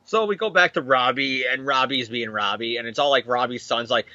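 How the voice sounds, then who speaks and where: A man's voice: mid-range voice, expressive, normal speed, pushed and bright, dry recording, muffled recording. A man hosting a casual comic book recap show, rambling, laughing often and acting out characters. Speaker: podcast host.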